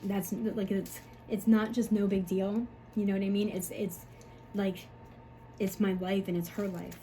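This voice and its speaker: A woman's voice: mid-range voice, little pitch movement, moderate pace, dark tone, slight background noise, rough recording. A woman, a mother, talking to camera in a rambling, frustrated way, full of fillers and swearing. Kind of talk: emotional personal monologue.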